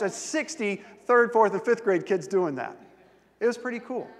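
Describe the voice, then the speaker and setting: A man preaching a sermon as pastor, in a conversational, animated way, drawing in the congregation. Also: sits high, normal speed, long reverb tail. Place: large church sanctuary.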